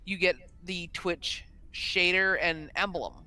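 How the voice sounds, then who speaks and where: A woman co-hosts a live stream in a relaxed, playful chat. Her voice is bright and smooth, with a crisp, clean tone. She often laughs along with her partner. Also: on the low side, takes it slowly, soft background music, low-quality recording. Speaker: streamer and co-host.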